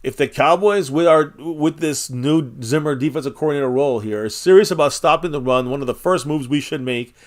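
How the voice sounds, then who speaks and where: A man's voice: a little high, a little fast, few pauses. A man hosting a casual live-stream chat, rambling and blunt, swearing freely and reading viewers' comments aloud.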